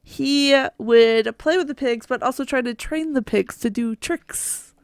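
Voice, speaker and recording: Slow, gravelly-voiced woman telling a story. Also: high-pitched, no echo. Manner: giggly, halting with fillers. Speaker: podcast storyteller. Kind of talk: casual storytelling. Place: home.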